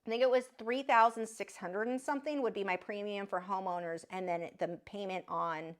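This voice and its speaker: A woman's voice: mid-range voice, normal speed. A woman hosting an art livestream, chatting casually in a rambling, exasperated way that trails off and restarts.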